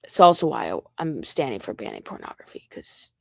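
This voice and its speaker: A woman's voice: very deep voice, big pitch swings, a little fast, gravelly, no echo. A young American woman livestreaming, ranting in a rambling, heated and profane way. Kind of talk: casual livestream rant.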